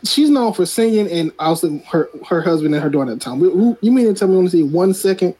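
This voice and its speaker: A man's voice: high voice, lively intonation, quick pace, warm tone, slightly rough, poor audio. A man in a casual podcast chat, rambling as he gives his opinions.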